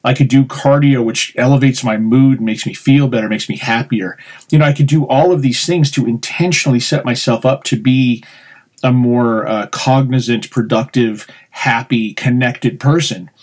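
A man's voice: medium pitch, steady tone, moderate pace, a little mellow. A man hosting a conversation, speaking reflectively about his routines. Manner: reflective, thoughtful, with fillers. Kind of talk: casual chat.

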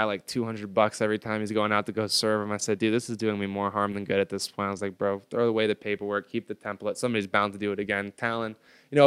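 On a podcast, a young male guest in his twenties recounts a story in casual slang, his smooth voice on the low side. When he acts out his anger, his volume climbs.

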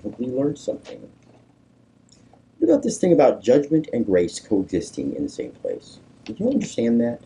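Husky animated pastor, deep voice. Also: male voice, a little fast, rough recording. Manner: animated, coaxing, rises to emphatic peaks. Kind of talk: conversational sermon with group discussion.

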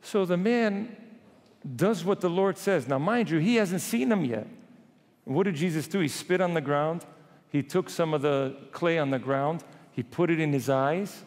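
A priest delivers a sermon in a fairly high voice, slipping into casual voices for the people in the Gospel story. His words ring out with a long reverb, as in a large church. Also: a little slow. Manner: retells scripture in lively everyday voices, animated.

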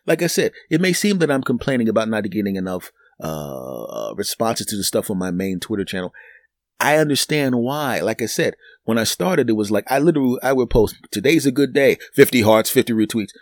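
A man's voice: lowish voice, sing-song, brisk, no echo, studio quality. A man hosting his own podcast, rambling through a comic solo monologue and acting out imagined conversations in exaggerated voices. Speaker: podcast host.

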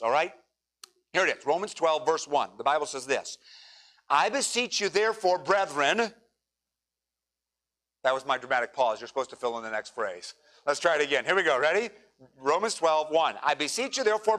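High, bright-voiced male preacher. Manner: preaching with dramatic pauses, rising to near shouts. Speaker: pastor. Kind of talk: sermon.

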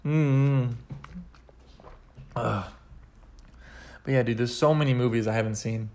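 A young man from Kansas hosting a solo podcast, rambling and sarcastic in an animated way. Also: medium pitch, takes it slowly. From Kansas, United States. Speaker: podcast host.

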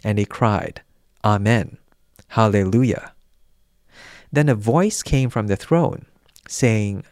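Male scripture reader, deep-ish smooth voice, dry and close, steady solemn pacing. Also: slow pace, pauses often, dry recording. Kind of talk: reading scripture aloud.

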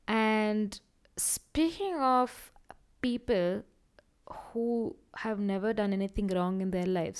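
Rambling young woman podcaster, clear voice. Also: mid-range voice. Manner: rambling and tangent-prone; slips into animated acted-out quotes. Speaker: podcast host. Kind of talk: solo casual podcast monologue.

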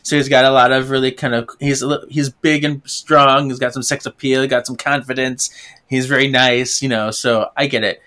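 A man's voice: medium pitch, flat delivery, a little fast, pushed and bright. A man co-hosting a casual book discussion podcast, recapping chapters animatedly and slipping into character voices. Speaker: podcast co-host.

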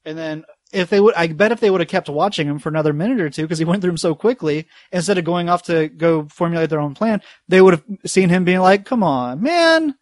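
A man's voice: on the high side, quick pace, few pauses, no echo, studio quality. A man, a guest on a movie podcast, rambling and giggly, slipping into silly voices. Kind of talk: casual movie podcast chat.

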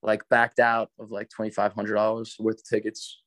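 A man's voice: lowish voice, monotone, normal speed, fairly bright tone, no room sound. A man in his forties telling a story as a guest, in a laid-back, rambling way, full of "like". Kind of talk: casual storytelling.

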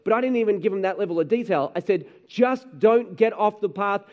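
A man preaching a sermon, telling animated stories about his children and often asking the room "right?". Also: sits high, fairly quick, dull audio. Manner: animated storytelling, acts out his kids and himself, frequent "right?". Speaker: pastor.

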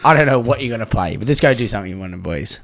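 A man's voice: lowish voice, expressive, very fast, vocal fry, a bit bright, slight background noise. A man in his thirties co-hosting a podcast, joking crudely and rowdily with heavy swearing. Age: 30s. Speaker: podcast co-host. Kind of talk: casual chat.

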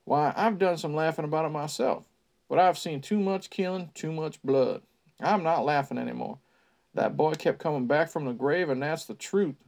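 A man's voice: fairly high pitch, normal speed, creaky, darkish tone. A man reading aloud and voicing a folksy, ominous older gas station owner with a drawling manner. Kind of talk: read-aloud character voice.

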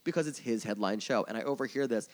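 A man talking quickly in a casual podcast chat, his words tumbling out in a loose, rambling stream. He fills every gap with "like," swears freely and speaks with candid, open emotion about his own slip-ups. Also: mid-range voice. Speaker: tour manager and merch coordinator guest.

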